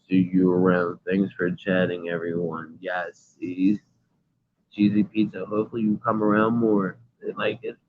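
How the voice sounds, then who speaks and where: A man hosting a casual livestream from his phone, reading chat comments aloud and talking in a rambling, earnest, emphatic way. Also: fairly low pitch. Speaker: livestream host. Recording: tinny phone audio.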